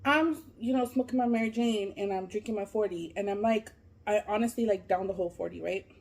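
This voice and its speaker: A woman vlogger telling a long story while she eats, casual and animated, full of fillers and swearing. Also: mid-range voice, fairly quick. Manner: animated, profane, lots of fillers. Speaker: mukbang vlogger.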